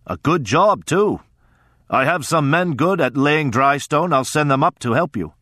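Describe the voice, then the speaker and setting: A man voicing a big, jovial, quietly menacing lord. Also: a little high, animated, unhurried, no echo, clean studio sound, pitched above the performer's own voice. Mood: hearty, jovial. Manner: hearty, loud and genial. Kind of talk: audiobook character voice.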